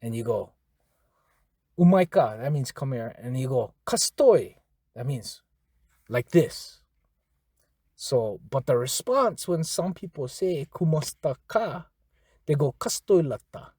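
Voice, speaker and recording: A man's voice: medium pitch, a little slow, a little mellow, slightly rough, no echo, studio quality. A man teaching a casual language lesson, patiently repeating phrases and spelling words out.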